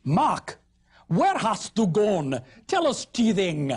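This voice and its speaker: A woman voicing a blunt, suspicious northern male shepherd, reading old verse in a deliberate, emphatic way. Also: sits low, wildly swooping pitch, a little mellow, breathy edge, heavily acted.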